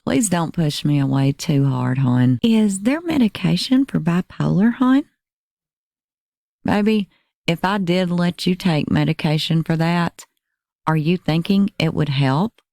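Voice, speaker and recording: Crime narrator, female: deep, mellow read of text messages, dry close sound. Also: animated, a little slow, no echo. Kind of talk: reading text messages aloud.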